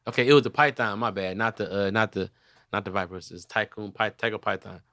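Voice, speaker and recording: A young man hosting a comedy podcast, telling animated stories and cussing freely in casual chat. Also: on the low side, brisk, no room sound. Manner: animated storytelling, swears freely. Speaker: podcast host.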